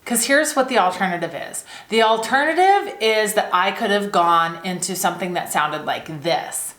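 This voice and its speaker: A woman talking casually to camera about personal growth, unhurried and chatty, with plenty of fillers and questions to the viewer. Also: medium pitch, lively intonation, a bit bright. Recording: echoey room.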